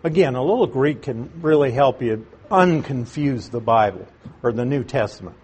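A man teaching through a Bible passage verse by verse, slowing down to stress key words and asking his listeners questions. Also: medium pitch, lively intonation, darkish tone, husky. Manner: asks the audience questions.

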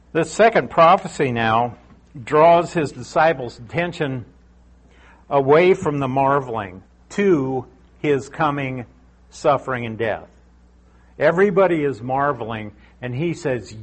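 A man's voice: medium pitch, animated, a little slow. Man teaching a Bible passage conversationally. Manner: conversational, explains and repeats points for emphasis.

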